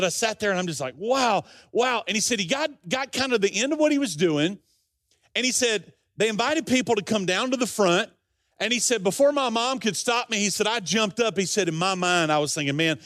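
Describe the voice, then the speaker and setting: A middle-aged man preaches a sermon in a high voice, retelling a story through long quoted lines in a folksy way. He leans into his points with earnest, pleading emphasis. The sound is dry and close. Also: fairly bright tone, no room sound. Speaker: pastor.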